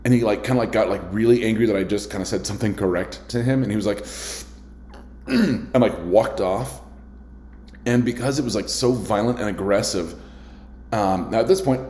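A man's voice: on the low side, a little mellow, a little hiss or hum. A man, a restaurant server, telling a story in a casual, rambling way, full of filler words and restarts. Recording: echoey room.

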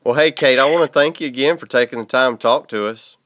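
A man's voice: mid-range voice, fast talker, a bit bright. Laid-back Southern-accented man, congested. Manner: laid-back, drawling, chuckles often. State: congested from a sinus infection. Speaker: podcast host. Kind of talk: casual chat.

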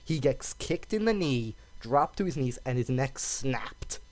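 A man co-hosting a podcast and telling a story with animation. His pitch rises and falls freely in a relaxed, chatty delivery. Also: a little slow. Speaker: podcast co-host. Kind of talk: casual chat.

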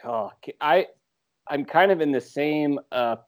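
A man's voice: on the high side, animated, slow pace. Rambling easygoing male podcast co-host. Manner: rambling, hesitant with frequent "uh". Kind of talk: casual chat.

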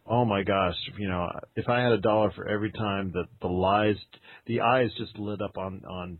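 A man hosting a casual podcast chat, rambling and halting as he talks. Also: on the low side, fairly even intonation, dry recording. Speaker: podcast host. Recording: dry, tinny phone-like sound.

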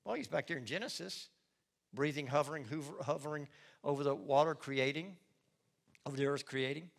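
Expressive male pastor preaching a sermon. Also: fairly high pitch, brisk, gravelly. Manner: expressive, storytelling, acts out scenes. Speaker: lead pastor.

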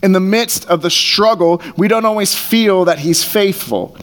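A man delivers a sermon in a slightly higher-than-usual voice. He talks in a casual, earnest way and leans on repeated phrases. His voice comes through a small mic taped to his face. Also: moderate pace. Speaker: pastor. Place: church hall. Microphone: headset mic taped to face.

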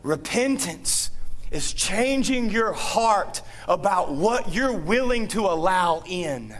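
Man, 30s, sermon, playful storyteller, joking, fairly high-pitched. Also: animated, takes it slowly, a bit bright. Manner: playful, jokey storytelling with acted-out quotes. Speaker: preacher.

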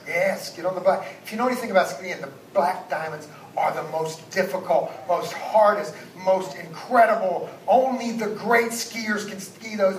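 A man, a guest pastor, preaching a sermon and moving between loud exhortation and hushed asides. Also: high-pitched, moderate pace, hardly any pauses. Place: church sanctuary. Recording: echoey church sound from a distance, background noise.

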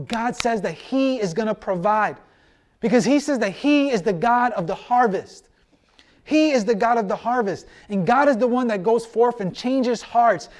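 A male pastor preaching a sermon, asking many rhetorical questions and slowing down to drive points home. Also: high voice, a little mellow.

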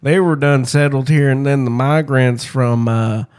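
Young man, mid-pitched, jokey sidekick, swears constantly. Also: fairly even intonation, a little slow, darkish tone, clean tone. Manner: joking, riffs and quotes movies, swears a lot. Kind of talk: casual profane chat.

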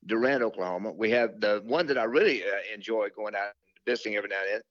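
Older man, low voice, dull dry sound, rambling career stories, lots of fillers. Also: fast, fairly bright tone, dry recording. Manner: rambling, many fillers and restarts. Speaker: country singer, interview guest. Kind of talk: relaxed storytelling interview.

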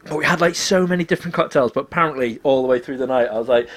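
A man's voice: medium pitch, steady tone, fast, hardly any pauses, a bit bright. A man hosting a podcast, telling a long anecdote in casual chat, laughing often and acting out the voices in his story. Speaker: podcast host.

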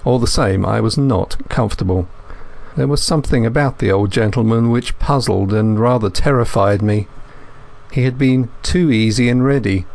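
A man reading a first-person thriller as an audiobook narrator, in a measured, steady manner. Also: lowish voice, gravelly.

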